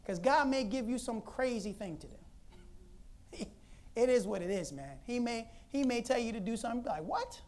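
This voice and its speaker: A woman preacher telling a Bible story in an animated, conversational sermon, laughing often. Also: fairly high pitch, normal speed.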